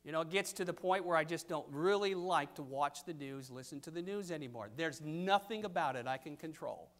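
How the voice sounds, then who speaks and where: Older man, sermon, emphatic preacher cadence, slightly high voice. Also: brisk. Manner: emphatic, pulpit cadence with sudden loud stresses.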